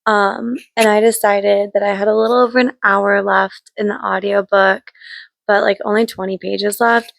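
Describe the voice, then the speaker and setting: A woman's voice: medium pitch, little pitch movement, moderate pace, gravelly, dry recording. A young woman chatting casually in a book vlog, gushing about what she reads, with frequent likes and ums. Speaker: book vlogger. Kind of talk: casual read-along vlog chat.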